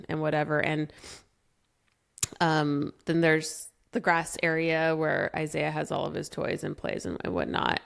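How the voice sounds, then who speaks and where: Woman podcast host, young, casual chat, candid and emotional, low clear voice. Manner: emotional, candid, laughs often while telling stories.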